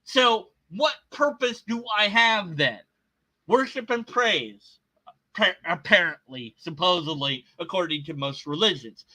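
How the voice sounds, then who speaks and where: Man for a reaction rant: high, piercing voice, sarcastic and riled up. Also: lively intonation, measured pace, bright, forceful tone, poor audio. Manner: agitated, sarcastic, rambling with restarts. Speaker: commentator reacting to a video. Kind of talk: casual rant.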